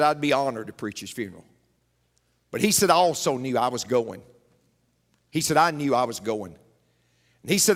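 A man's voice: mid-range voice, fairly bright tone, long reverb tail. A male pastor preaching a sermon, telling a story and repeating key phrases for emphasis.

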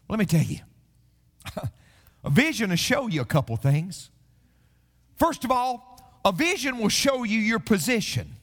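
A man's voice: extremely high pitch, sing-song, normal speed, pauses often, a bit bright, big-room sound. A male pastor preaching a sermon, telling stories and building to repeated refrains.

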